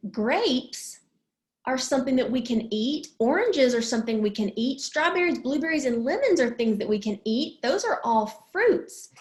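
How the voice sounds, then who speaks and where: Her voice sitting high and animated, a woman leads a slow, clear lesson for young children. She stays patient and sing-song, clapping each drawn-out word, and the recording sounds roomy.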